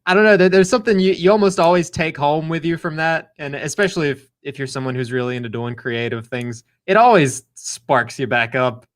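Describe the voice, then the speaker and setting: A man's voice: a little high, brisk, few pauses. A man co-hosting a casual chat, answering in a thoughtful, hesitant way. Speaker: co-host.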